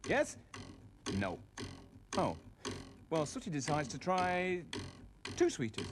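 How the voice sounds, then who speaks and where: A man's voice: on the high side, wildly swooping pitch, slow pace, pauses often. A man presenting and narrating a children's puppet show in a playful storytelling way. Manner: playful, storytelling, prone to giggling fits. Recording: hissy old tape.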